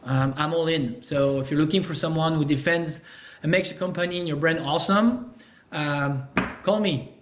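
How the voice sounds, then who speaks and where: A man's voice: a little high, normal speed, background noise. A middle-aged man with a French accent, talking earnestly as a podcast guest, with many fillers and restarts. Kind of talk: casual interview talk.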